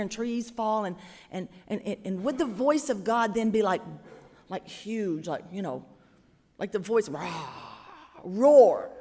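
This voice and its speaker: A woman preacher giving a sermon in a conversational, musing way, often pausing and hesitating. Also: medium pitch, a little mellow. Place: church. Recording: long church reverb.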